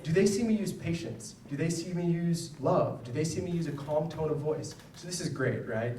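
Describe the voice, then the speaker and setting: Speaking at normal speed in a voice on the high side, a man who is a psychologist gives parents a conversational public lecture with personal stories, often checking in with "right?". It takes place in a school event hall, captured on a distant mic in a roomy space with faint ambience and a noisy background.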